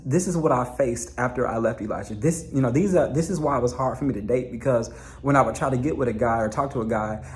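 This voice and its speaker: A young man giving an emotional personal testimony, halting and repeating phrases as he pleads his case. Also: mid-range voice. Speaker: documentary narrator telling his own story.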